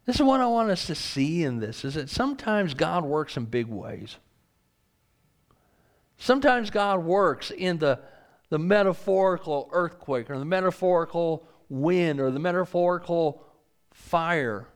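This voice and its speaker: A man's voice: a little high, expressive, measured pace. A man preaching a sermon, reading scripture aloud and asking earnest rhetorical questions.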